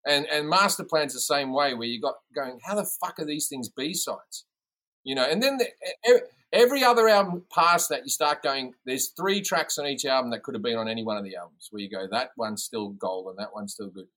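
A man's voice: mid-range voice, a little fast, poor audio. A man with an Australian accent telling rowdy stories in casual chat, swearing often and imitating people as he goes. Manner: swearing, animated storyteller who imitates people. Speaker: comedian podcast guest.

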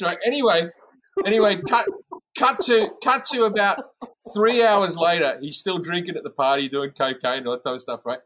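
A man's voice: on the high side, normal speed, low-quality recording. A man with an Australian accent telling rowdy stories in casual chat, swearing often and imitating people as he goes. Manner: swearing, animated storyteller who imitates people. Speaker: comedian podcast guest.

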